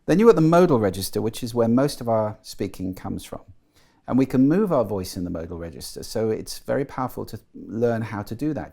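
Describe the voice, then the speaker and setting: A man's voice: lowish voice, expressive, a little fast, creaky, warm tone. A middle-aged man, a guest in an interview, explaining articulately and with enthusiasm. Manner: articulate and enthusiastic, demonstrates voices while explaining. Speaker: guest, voice and sound expert.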